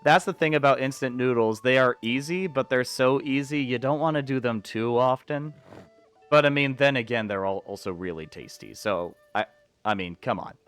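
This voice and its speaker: A man streaming a video game, chatting and rambling casually with excitable outbursts. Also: medium pitch, moderate pace, smooth, faint music behind. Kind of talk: casual gameplay commentary.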